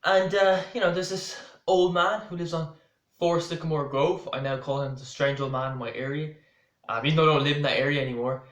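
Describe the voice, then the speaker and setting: A man's voice: a little high, steady tone, a little fast. A man with an Irish accent telling a story to camera in a rambling way, full of restarts and asides. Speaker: vlogger. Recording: roomy echo.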